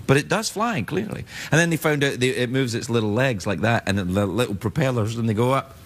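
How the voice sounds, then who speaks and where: A man's voice: mid-range voice, animated, brisk. A Scottish man hosting a late-night talk show, teasing his guest with playful, rambling banter. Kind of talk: joking interview banter.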